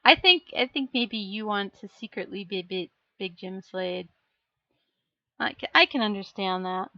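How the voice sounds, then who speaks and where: A woman's voice: medium pitch, measured pace, pushed and bright, no echo, muffled recording. A woman live streaming as she paints miniatures, chatting casually and self-deprecatingly while answering her chat.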